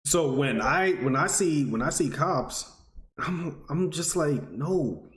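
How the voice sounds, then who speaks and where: A man's voice: animated, slow, fairly bright tone. Earnest young man telling a story, echoey. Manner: earnest, emotional, rising pitch when stirred. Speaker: vlogger. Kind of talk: personal storytelling to camera.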